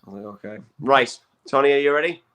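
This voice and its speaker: A man's voice: medium pitch, fast, a bit bright. A man hosting a comedy chat show, joking playfully with his guests. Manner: jokey, playful. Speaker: host.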